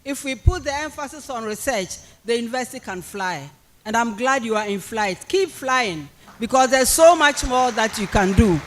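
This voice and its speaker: High-voiced Ghanaian man giving a speech. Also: animated, normal speed, a bit bright, a little hiss or hum. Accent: Ghanaian English. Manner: emphatic, repetitive oratorical phrasing. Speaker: speaker at a university policy lecture. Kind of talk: public speech and reading of a prepared address.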